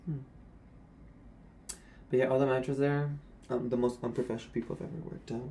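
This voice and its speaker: A man's voice: medium pitch, level tone, brisk, warm tone, slight background noise. A young man, a former retail worker, speaking to camera in a candid, sassy and blunt rant about old coworkers.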